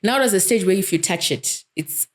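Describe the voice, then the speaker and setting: A woman, a dentist telling her personal story as an interview guest in a vivid, animated way. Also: medium pitch, moderate pace. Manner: vivid, animated storytelling, self-described vocal.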